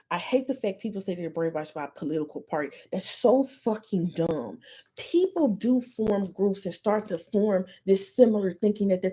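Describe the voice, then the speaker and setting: A woman's voice: mid-range voice, darkish tone, breathy edge. A woman podcast host on a live stream, ranting in a heated, profane way.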